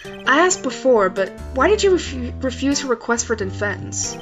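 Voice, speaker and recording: Woman reading as a young male lawyer, earnest, wary, lowered muttering tone, animated. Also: normal speed, over music.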